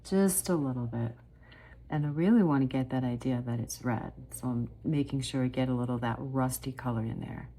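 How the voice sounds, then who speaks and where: A middle-aged woman chatting warmly through a step-by-step watercolor painting lesson, often calling her viewers "guys". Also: a bass voice, a little fast, husky. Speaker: watercolor art teacher.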